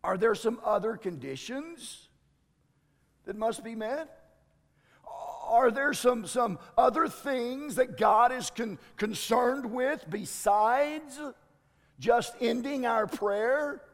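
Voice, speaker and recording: Male pastor, high voice, emphatic sermon delivery, reverberant hall. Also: animated, takes it slowly, gravelly. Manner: emphatic, exclamatory preaching.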